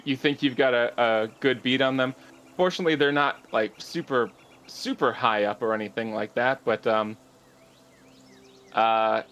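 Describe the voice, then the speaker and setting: A man narrating a tabletop game as game master, relaxed and chatty with many fillers. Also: mid-range voice.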